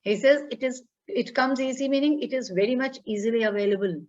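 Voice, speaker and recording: A woman's voice: on the high side, fairly quick, darkish tone. A woman, teaching a class online, repeating her points and checking in with students. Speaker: English teacher. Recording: dull lo-fi audio.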